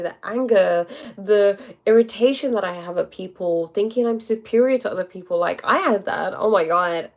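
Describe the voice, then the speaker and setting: A young woman hosting a casual monologue, animated and emphatic, with many asides to her audience. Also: mid-range voice. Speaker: host. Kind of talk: casual monologue reading viewer comments.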